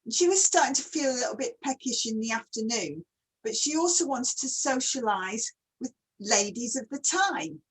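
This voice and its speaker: Chatty woman host with a breathy, lively voice. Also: on the high side, moderate pace, rough recording. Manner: chatty, asks many questions. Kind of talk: casual online chat.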